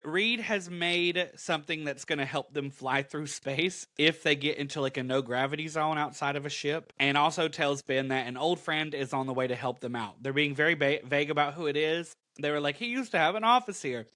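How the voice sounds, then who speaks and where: A man co-hosting a comic book podcast, recapping the story in a casual, dramatic and animated way. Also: on the high side, normal speed, hardly any pauses, dry recording, studio quality.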